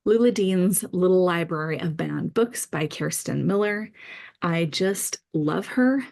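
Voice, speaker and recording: Chatty, enthusiastic woman with a low voice. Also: a little slow, gravelly, darkish tone. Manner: enthusiastic, chatty with frequent fillers. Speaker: author vlogger. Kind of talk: casual book-list vlog.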